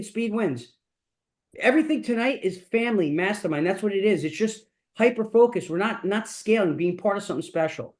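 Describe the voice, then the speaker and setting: With a high voice and darkish tone, a middle-aged man runs a mastermind session. His motivational talk is blunt and profane, repeatedly falling back on the same catchphrases.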